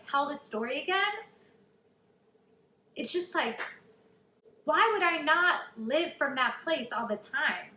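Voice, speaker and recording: A young woman tells her own story in a chatty, animated vlog style. Her voice is bright and slightly high. The room is echoey, with a faint hiss behind her. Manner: chatty, animated, many likes. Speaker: vlogger. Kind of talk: storytelling to camera.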